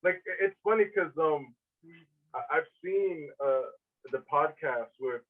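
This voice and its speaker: A man's voice: fairly high pitch, a little slow, distant mic. A man co-hosting a podcast, telling stories in a rambling way with lots of fillers. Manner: rambling storyteller with many fillers. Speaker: podcast co-host. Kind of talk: casual chat. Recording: tinny phone-like sound.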